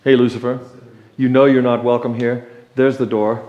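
A man's voice: medium pitch, little pitch movement, normal speed, warm tone, dull audio, voice pushed down, lightly acted. A man voicing God as a commanding ruler with dry, sarcastic challenges. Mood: challenging. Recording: echoey church sanctuary.

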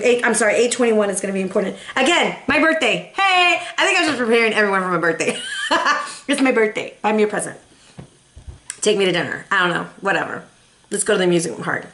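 A woman's voice: mid-range voice, creaky, a bit bright. A woman in her thirties giving a casual, chatty tarot reading, emotional and full of rambling asides. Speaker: tarot reader. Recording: echoey room.

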